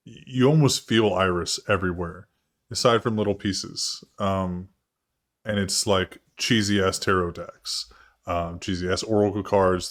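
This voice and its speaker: Low voiced guy running a tabletop game, rambly, lots of "like" and "um", swears casually. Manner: loose and rambling, heavy with fillers and swearing. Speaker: game master. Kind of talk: improvised tabletop narration.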